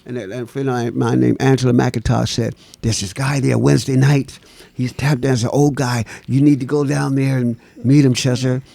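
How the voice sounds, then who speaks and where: A man telling stories as an interview guest, animated and laughing, acting out the voices of people in his stories. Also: medium pitch, normal speed, vocal fry, no room sound. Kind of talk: storytelling in a casual interview.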